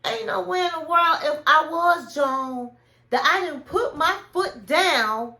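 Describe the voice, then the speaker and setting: A woman's voice: high voice, animated, takes it slowly, vocal fry, sharp tone, echoey room. A woman hosting a reality TV recap, giving her opinions in casual commentary and acting out what people said. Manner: opinionated, retells scenes by acting out quotes.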